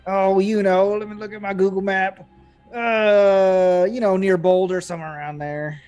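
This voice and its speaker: A man playing an evasive, high-voiced traveler. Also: level tone, moderate pace, a little mellow, clean tone, soft background music, lightly acted.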